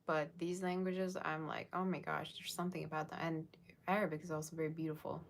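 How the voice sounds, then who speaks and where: A woman's voice: deep voice, level tone, a little fast. A woman giving a casual, rambling livestream tarot reading, chatting with viewers and thanking them by name. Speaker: tarot reader.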